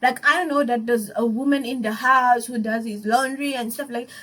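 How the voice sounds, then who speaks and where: A young South African woman with a South African accent tells a personal story in a casual vlog, animated and emotional, often laughing as she retells it. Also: a little high, moderate pace, poor audio. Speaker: YouTuber.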